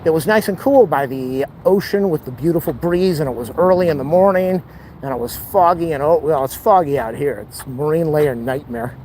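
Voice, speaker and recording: A man talks into his camera while walking up a hill outdoors, out of breath and overheated, with a slightly high voice. He rambles and exclaims often in a casual vlog, with clear street and traffic noise behind him. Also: moderate pace, darkish tone, rough recording. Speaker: vlogger. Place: outdoors on a city street near an airport. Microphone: camera held while walking.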